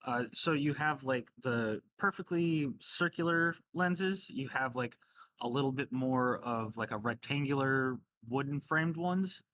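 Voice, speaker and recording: A man's voice: medium pitch, measured pace, a bit bright, a little hiss or hum. A man narrating as game master in a casual tabletop game, talking loosely with many fillers.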